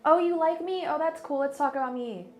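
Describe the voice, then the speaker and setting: A woman's voice: sits high, fairly quick, voice pushed up, natural voice. A woman voicing a haughty, sassy female house cat who treats everyone with dismissive, self-satisfied scorn. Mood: smug.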